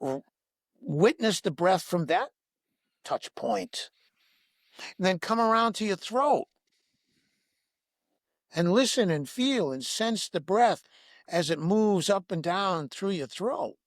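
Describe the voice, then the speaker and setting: A man guiding listeners through a breath-awareness meditation in a slow, soothing, instructive way, asking repeated gentle questions. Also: sits high, expressive, no room sound, studio quality. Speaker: breathwork teacher, podcast guest.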